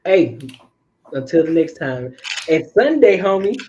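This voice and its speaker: A young man co-hosting a podcast in a relaxed, friendly way, often repeating phrases as he thanks viewers. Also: a little high, unhurried, dull audio, slight background noise. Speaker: podcast co-host. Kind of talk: casual chat.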